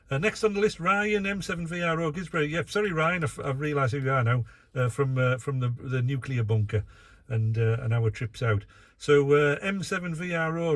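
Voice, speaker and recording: A man's voice: a little high, dry recording. A man running an amateur radio net from his vehicle, chatting casually and reading out call signs with many filler uhs. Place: in a vehicle, operating mobile.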